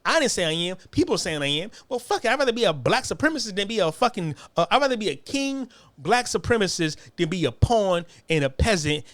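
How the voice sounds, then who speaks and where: A man's voice: sits high, big pitch swings, a little fast, fairly bright tone, no echo. An American man delivering a heated, profane monologue, hammering his points with repeated phrases. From United States. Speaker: commentator.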